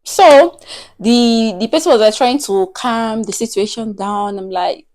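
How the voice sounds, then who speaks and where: A woman's voice: on the high side, a little slow, darkish tone. A woman, telling a personal story in a casual, chatty way, full of "like". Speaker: vlogger.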